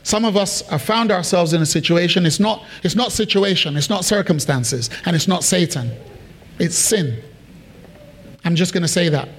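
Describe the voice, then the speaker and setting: A preacher delivers a sermon in a notably high voice for a man. He repeats phrases for emphasis and keeps checking in with the congregation, pressing each point home. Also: normal speed. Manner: emphatic and repetitive, asks the congregation questions. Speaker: pastor.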